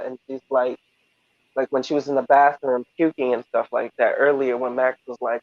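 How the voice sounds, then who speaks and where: A man talks in a casual review discussion, animated and full of fillers, at a middling pitch. His voice comes through a tinny, phone-like line. The sound is dry, with no room echo. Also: fairly quick. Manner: animated, hesitant with many fillers. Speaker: podcast co-host.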